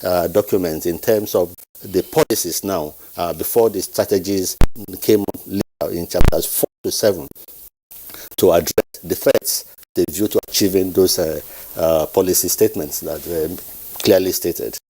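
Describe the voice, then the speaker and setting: A man, once a military officer, speaks as a guest on a live news panel. His voice is very deep and mellow, and his formal talk keeps stalling on long uh's. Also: fairly even intonation, low-quality recording. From Nigeria. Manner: halting, formal, heavy fillers. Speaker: retired air force officer guest.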